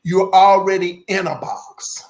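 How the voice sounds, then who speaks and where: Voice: medium pitch, unhurried. A music channel host giving casual commentary, laughing often and talking straight to the viewers with folksy asides. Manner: laughs often, chatty and animated.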